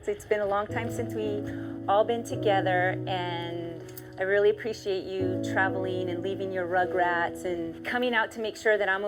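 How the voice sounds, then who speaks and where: A woman in her forties from New York, speaking candidly and emotionally in reality footage, often laughing. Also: mid-range voice. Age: 40s. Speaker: documentary subject.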